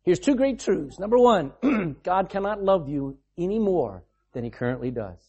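Husky, animated male preacher. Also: high voice, normal speed, highs cut off. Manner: animated, conversational preaching with asides and laughs. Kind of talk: sermon.

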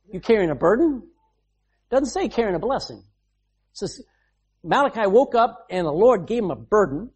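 A man's voice: high-pitched, darkish tone, slightly rough. A man preaching a sermon as pastor, emphatic, reading scripture aloud and explaining it.

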